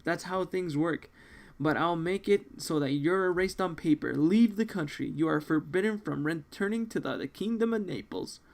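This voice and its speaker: A man's voice: fairly high pitch, normal speed, vocal fry. A man voicing a stern court official passing sentence in a manga read-along, blunt and formal.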